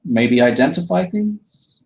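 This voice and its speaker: A man's voice: medium pitch, expressive, takes it slowly, low-quality recording. A man voicing a polite, fussy male shopkeeper with a monocle, speaking in a courteous, hesitant, formal way. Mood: intrigued.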